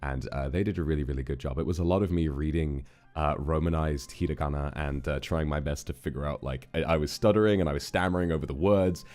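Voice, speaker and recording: A man's voice: extremely low pitch, quick pace, darkish tone. A man chatting casually on a livestream, rambling and restarting his sentences with repeated words, in a reflective, amused way. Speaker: streamer.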